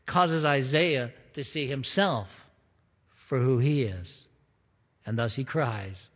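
A man preaching a sermon, leading a prayer and reading scripture in an earnest, emphatic way, slowing down to stress key phrases. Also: medium pitch, animated, big-room sound. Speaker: pastor.

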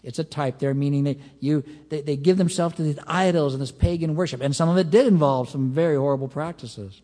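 Higher-voiced man preaching in a hall. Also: brisk, mellow. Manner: conversational teaching with emphatic rises. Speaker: pastor. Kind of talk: expository Bible sermon. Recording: long hall reverb.

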